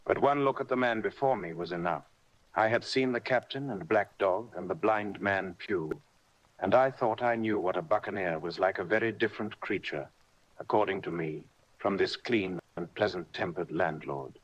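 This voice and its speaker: A man narrating an adventure audiobook in a measured, steady storytelling manner. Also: low-pitched, lo-fi sound. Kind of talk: scripted narration.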